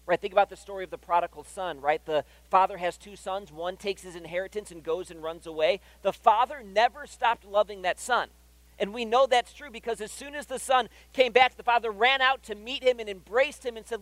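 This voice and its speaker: A man's voice: high voice, a bit bright, no room sound, poor audio. A man preaching a sermon in a church, conversational and often asking "right?". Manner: conversational, keeps checking in with "right?". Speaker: pastor. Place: church hall.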